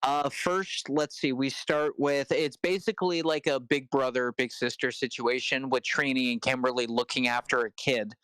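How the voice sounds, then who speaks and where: A man's voice: medium pitch, fairly even intonation, normal speed, hardly any pauses, a bit bright, clean tone, no echo, low-quality recording. A man co-hosting a casual podcast, leading the episode recap with many fillers and restarts.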